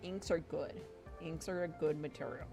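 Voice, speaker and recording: Music plays in the background as a low-voiced woman streams herself drawing and chatting casually at normal speed. She rants with heavy swearing and acts out imaginary arguments.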